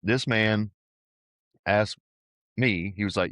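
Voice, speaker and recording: Deep-voiced man telling his story earnestly. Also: moderate pace, a bit bright, dry recording. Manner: earnest, conversational, says "dude" and "man" often. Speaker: podcast guest, powerlifter. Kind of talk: casual interview storytelling.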